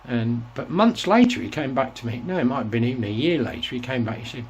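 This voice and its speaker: A host in his sixties reminisces on his own show in a casual, rambling, reflective monologue, often restarting his sentences. His medium-pitched voice is expressive and quick, with slight background noise.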